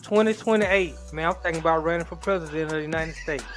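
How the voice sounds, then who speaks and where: Easygoing high-voiced male cohost. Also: fast talker, fairly bright tone, soft background music. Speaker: co-host. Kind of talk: casual talk-show chat.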